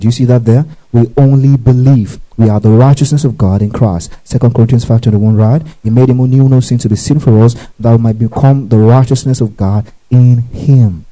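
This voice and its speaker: Male preacher mid-sermon; drives call-and-response and climbs to loud, high exclamations. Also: rough recording. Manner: call-and-response, urging the congregation to repeat after him.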